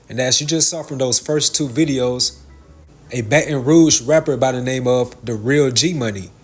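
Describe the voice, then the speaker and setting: A man giving religious commentary, with a measured, preachy delivery. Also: medium pitch, breathy edge.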